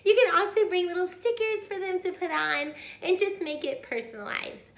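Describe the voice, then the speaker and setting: A woman's voice: very high-pitched, moderate pace, fairly bright tone. A woman tutor sharing upbeat, cheerful teaching tips and showing hand motions as she explains. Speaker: homeschool tutor. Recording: echoey room.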